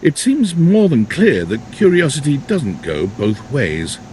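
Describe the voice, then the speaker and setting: A man's voice: mid-range voice, very animated, a little slow, warm tone, slight background noise. A man narrating a video game in a dry, wry scripted style.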